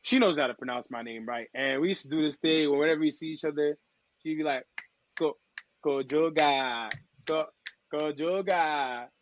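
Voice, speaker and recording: A man from Togo, a podcast guest and DJ, telling stories in casual chat with slangy, lively talk. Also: fairly high pitch, fast talker, highs cut off. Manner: lively, acts out quoted voices, slangy.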